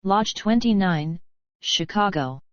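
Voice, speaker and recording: A woman voicing a calm, defiant young outlaw man in an audiobook, answering with dry dignity, slow smooth delivery, muffled lo-fi sound. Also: medium pitch, dry recording. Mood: cool. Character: cool-headed young male outlaw newcomer. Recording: dull lo-fi.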